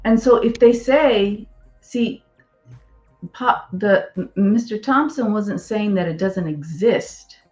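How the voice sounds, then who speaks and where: A woman's voice: mid-range voice, slow, darkish tone. Woman, blunt and firm, roomy muffled recording, faint music under. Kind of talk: casual discussion.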